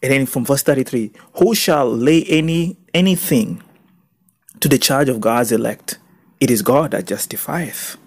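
A male pastor preaching a sermon and reading scripture, swinging between soft reading and loud emphatic exclaiming. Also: medium pitch, a little slow, slightly rough, dry recording, clean studio sound.

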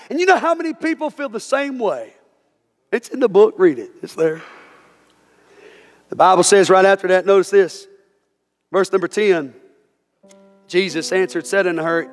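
A man's voice: sits high, moderate pace, pauses often. A male pastor delivering an impassioned sermon, often repeating "listen to me" as he builds up. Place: church sanctuary. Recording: reverberant church hall with music.

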